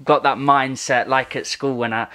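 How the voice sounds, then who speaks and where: A young man hosting a podcast, telling animated stories with lots of swearing and laughter. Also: mid-range voice, normal speed, smooth. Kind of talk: casual chat.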